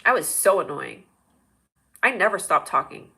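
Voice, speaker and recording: Chatty, bright-voiced woman host. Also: on the low side, moderate pace, creaky, breathy edge. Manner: chatty, rambling, excitable. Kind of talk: casual live-stream storytelling.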